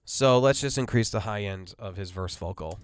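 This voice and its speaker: A man hosting a casual mixing tutorial, talking quietly through a migraine and correcting himself as he explains. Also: on the low side, normal speed. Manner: rambling, self-correcting explainer. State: has a migraine, talks quietly. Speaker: audio mixing host.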